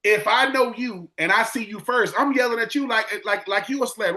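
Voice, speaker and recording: A man in his forties, a former football player telling animated stories on a casual podcast, acting out quotes and repeating words. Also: high voice, moderate pace. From Swainsboro, Georgia.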